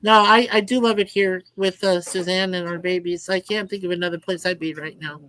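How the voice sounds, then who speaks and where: A man's voice: sits high, fairly even intonation, brisk, pushed and bright, poor audio. A man hosting a casual livestream chat, talking in a chatty way with frequent laughs. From lives in Toronto, Canada. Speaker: livestream host.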